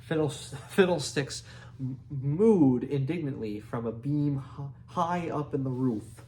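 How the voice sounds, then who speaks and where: Guy reading a kids book out loud real slow, stumbles and restarts, faint hiss in the background. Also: medium pitch. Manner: unhurried, with restarts and asides. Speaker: reader. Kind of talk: reading a children's book aloud.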